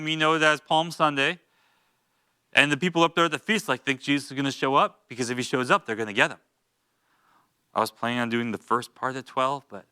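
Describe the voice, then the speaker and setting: A man's voice: mid-range voice, pushed and bright, clear, resonant tone, dry recording, clean studio sound. A man teaching a Bible study in a church, reading scripture and urging listeners with earnest, informal asides. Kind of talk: expository Bible teaching with exhortation.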